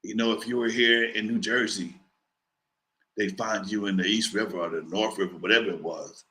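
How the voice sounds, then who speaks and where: Man putting on a low, menacing mob enforcer. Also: fairly even intonation, pushed and bright. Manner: low, slow, threatening. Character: menacing middle-aged male mob enforcer on phone.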